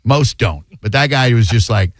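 A man's voice: medium pitch, animated, normal speed, no echo. A man hosting a call-in radio talk show, bantering in a loose, jokey, slangy way. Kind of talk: casual call-in radio chat.

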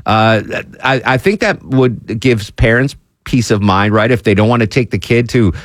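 A man's voice: medium pitch, no echo, clean studio sound. A man hosting a live radio talk show, joking and chatting casually with a caller and his producer. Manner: jokey, quick, ad-libbing with filler. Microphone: studio microphone.

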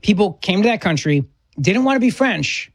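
A male talk radio host with a somewhat high-pitched voice, upbeat and punchy, tossing out quick cheers. His voice sits dry and close to the mic. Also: big pitch swings, breathy edge, no room sound. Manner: enthusiastic, punchy interjections.

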